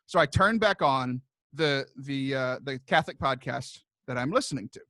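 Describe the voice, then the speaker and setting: A man's voice: mid-range voice, expressive, moderate pace, bright, forceful tone, no room sound, clean studio sound. A young man on a podcast, telling a rambling personal story in casual chat, full of restarts and sudden laughs. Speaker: podcast co-host.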